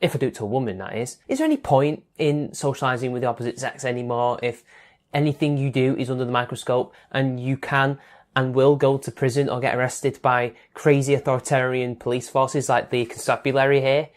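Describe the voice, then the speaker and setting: A man's voice: mid-range voice, a little fast. A male online commentator from Northern Ireland delivers a ranting opinion vlog. His tone is heavy with sarcasm and mock disbelief as he talks straight to his viewers.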